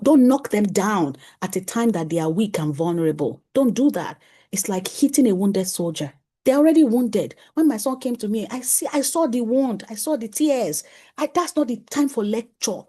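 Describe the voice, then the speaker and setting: A woman gives a conference talk to parents as a parenting coach. She speaks in an animated way, chuckles often, and acts out exchanges with her family. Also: mid-range voice, normal speed, breathy edge.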